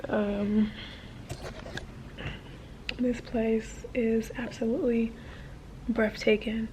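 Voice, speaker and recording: A woman's voice: on the high side, little pitch movement, drawn-out words, long pauses, background noise. A woman of thirty talking to camera in a hotel in the desert, chatty and emotional, with lots of fillers. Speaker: travel vlogger. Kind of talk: casual vlog talk to camera.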